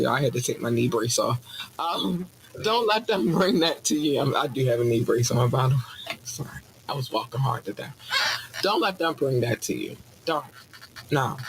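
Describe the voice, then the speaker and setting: Over background noise, a man with a mid-range voice hosts a podcast, ranting casually and profanely. He gets animated and preachy, as if giving a mock sermon.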